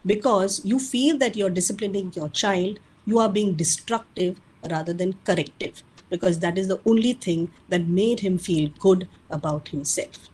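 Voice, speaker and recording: A woman's voice: medium pitch, moderate pace, a little mellow, slightly rough, poor audio. A woman giving an earnest webinar lecture with advice for parents. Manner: earnest, advising, addresses parents directly. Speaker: parenting speaker.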